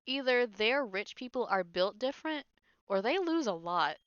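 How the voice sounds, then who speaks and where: A woman's voice: on the high side, lively intonation, normal speed, a bit bright, clear, resonant tone, no room sound, lo-fi sound. A woman casually commenting on a video game she plays, teasing and wry, laughing often. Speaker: game streamer. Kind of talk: casual let's-play commentary.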